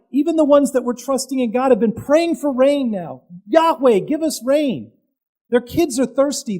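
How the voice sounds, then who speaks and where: Very high-voiced man preaching a lively sermon. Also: poor audio. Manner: animated storytelling with dramatic pauses and loud peaks; casual and conversational, with asides to the audience.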